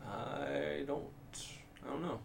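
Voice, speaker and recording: Gravelly man giving short replies. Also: medium pitch, slow pace, a little hiss or hum. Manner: brief backchannel replies. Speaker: podcast co-host. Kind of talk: casual chat.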